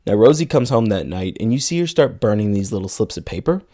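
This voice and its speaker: A man's voice: fairly low pitch, big pitch swings, fast, mellow. A man co-hosting a podcast, retelling a film's plot in casual chat and quoting its characters in passing. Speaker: podcast co-host. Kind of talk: casual film recap.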